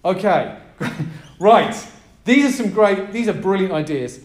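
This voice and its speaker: A pastor delivering a sermon to a gathered group, emphatic and energetic, drawing in the audience with prompts and questions. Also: male voice, high voice, slow, reverberant.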